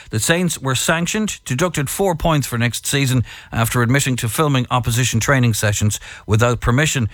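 A man with an Irish accent presenting morning radio, chatting to listeners and reading sports headlines in a brisk, upbeat way. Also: mid-range voice, a bit bright, no room sound, clean studio sound. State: out of breath.

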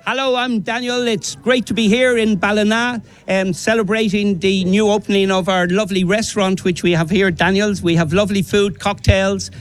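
A man from Dublin with a Dublin accent promotes his restaurant at an outdoor stall. His voice is high and powerful, full of enthusiasm. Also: steady tone, moderate pace, few pauses, rough recording. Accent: Dublin, Irish. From Dublin, Ireland. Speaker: restaurant owner.

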